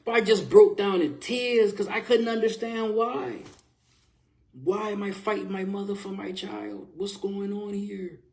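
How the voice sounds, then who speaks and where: A man with a fairly high voice tells his own story with feeling. He talks casually, full of slang, and swings between heated and quieter moments as he recounts it. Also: unhurried. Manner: animated, conversational, uses casual slang. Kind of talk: emotional personal storytelling.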